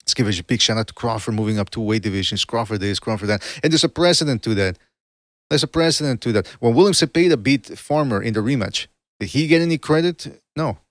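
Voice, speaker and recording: A man's voice: medium pitch, fast talker, dry recording. Rambling male boxing podcast host, dry sound. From Canada. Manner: rambling, self-correcting, chatty. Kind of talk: casual livestream commentary.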